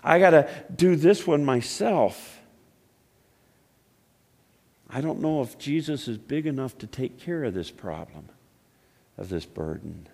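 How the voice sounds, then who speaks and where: A man preaching a sermon, telling stories and asking questions, swinging between loud exclaiming and hushed, quiet passages. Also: medium pitch, expressive, a little slow, creaky, long pauses. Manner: storytelling with repeated restarts and rhetorical questions. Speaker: pastor.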